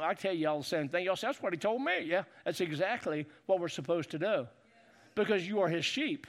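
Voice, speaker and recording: A man preaching a sermon as pastor, calling on the congregation to answer and rising to shouts. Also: high voice, lively intonation, brisk. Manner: preachy call-and-response, building to shouts.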